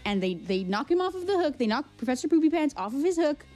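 A woman's voice: high-pitched, big pitch swings, quick pace, warm tone, soft background music. A woman improvising a comedic story, eagerly asking questions and adding details.

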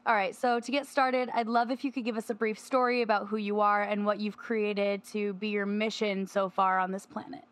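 A woman's voice: mid-range voice, level tone, normal speed, hardly any pauses. A woman podcast host, upbeat and gushing as she interviews a guest. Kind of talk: casual interview.

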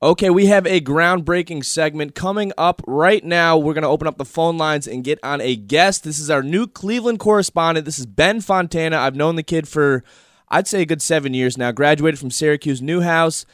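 A man's voice: on the high side, a little fast, no echo, studio quality. Upbeat man introducing a podcast segment. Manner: upbeat, profane. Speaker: podcast host.

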